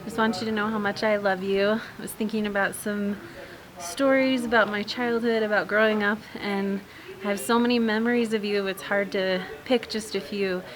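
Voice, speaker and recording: A woman's voice: mid-range voice, steady tone, moderate pace, poor audio. A woman recording an emotional message to her mother, close to tears as she speaks. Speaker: daughter sharing a memory. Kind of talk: heartfelt message to camera.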